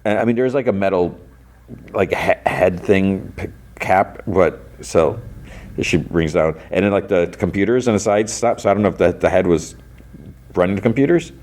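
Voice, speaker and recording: A man's voice: low-pitched, normal speed, a little mellow. A man hosting a podcast, retelling an episode in a casual, rambling way full of "like" and restarts. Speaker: podcast host.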